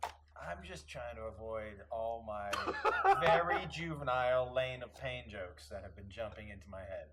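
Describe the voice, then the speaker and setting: A man from the Boston area, a guest at a card game, cracking deadpan jokes. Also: lowish voice, normal speed, over a noisy crowd. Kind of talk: casual banter over a card game.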